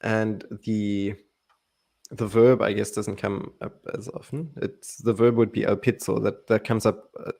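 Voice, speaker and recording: Low gravelly man explaining Greek. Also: flat delivery, unhurried, warm tone. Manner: laughs often, playful while explaining grammar. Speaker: Greek language guide in a Bible study. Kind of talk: casual explanatory chat.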